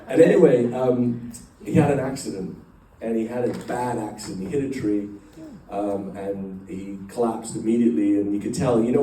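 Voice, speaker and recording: Speaking to a live company group in a large room, a middle-aged man rambles through an emotional personal story full of fillers and restarts. His voice sits on the low side and is mellow, captured distantly in an echoey space with slight background noise.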